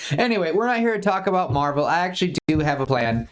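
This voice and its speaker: A woman's voice: low-pitched, sing-song, quick pace. A woman in her thirties co-hosting a podcast, rambling in casual chat, upbeat and often laughing. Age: 30s. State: out of breath. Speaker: podcast co-host.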